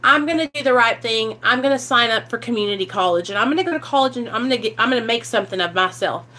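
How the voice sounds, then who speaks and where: A woman, candidly telling her life story to the camera, animated and swearing freely, acting out what people said. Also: on the high side, fast talker. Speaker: vlogger sharing recovery story.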